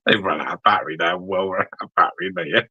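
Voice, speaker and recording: Deep husky man, crude and teasing. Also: no echo, highs cut off. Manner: crude, swears constantly, teasing and laughing. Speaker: podcast co-host. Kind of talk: casual chat.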